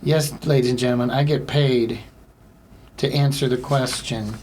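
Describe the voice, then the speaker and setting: A man's voice: mid-range voice, steady tone, normal speed, darkish tone, slight background noise. A young man hosting a casual solo comedy podcast, rambling and self-deprecating, with lots of filler words.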